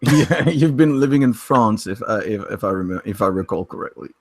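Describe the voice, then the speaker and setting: A man's voice: fairly low pitch, expressive, brisk. A man joining a casual live-stream chat, interjecting and teasing.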